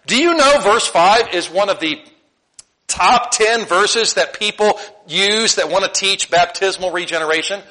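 A man's voice: high-pitched, a little slow, pushed and bright. A male preacher delivering a conversational sermon, asking the congregation questions and laughing often.

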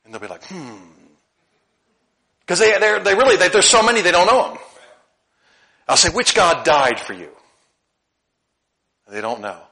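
A middle-aged male pastor preaching a sermon, swinging between loud emphatic lines and soft asides. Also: high voice, animated, normal speed, vocal fry, pauses often.

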